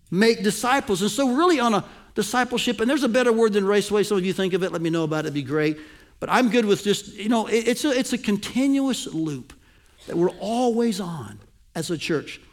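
Male pastor, raised pitch with a raspy fry, preaching with big dynamic swings. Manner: animated preaching, swings from loud emphasis to near-whisper. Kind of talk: sermon.

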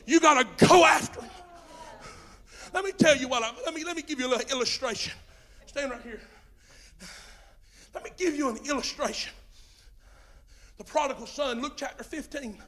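High-voiced preacher, hushed to shouting. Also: male voice. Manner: swings from hushed to shouting, drawn-out emphatic phrases. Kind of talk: sermon.

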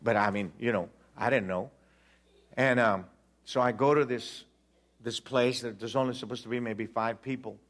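A man in his sixties preaching a storytelling sermon, animated and acting out the dialogue while joking with the congregation. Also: medium pitch, normal speed.

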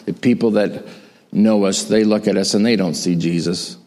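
A middle-aged man preaching with an emphatic, repetitive cadence. His voice sits on the low side. He moves from sermon into prayer. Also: fairly even intonation, normal speed, darkish tone. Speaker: pastor.

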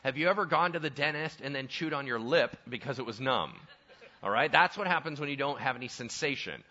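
A man preaching a sermon in a church sanctuary, telling Bible stories with humor and dropping to quiet intensity for serious points. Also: medium pitch, fairly quick, highs cut off. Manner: animated, humorous storytelling, shifts to quiet intensity. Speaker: pastor.

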